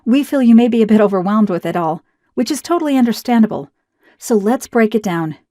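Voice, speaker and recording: A woman reading a scripted promotional narration in a smooth, even, persuasive way. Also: a little high, brisk, no echo, clean studio sound.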